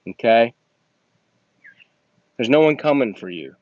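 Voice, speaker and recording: A man's voice: medium pitch, expressive, unhurried, a little mellow, no room sound. Guy giving a blunt motivational pep talk, kinda preachy, dry close sound, dull lo-fi audio. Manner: blunt, emphatic, preachy, calls listeners "man". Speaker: host, motivational coach. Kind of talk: motivational monologue. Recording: dull lo-fi recording.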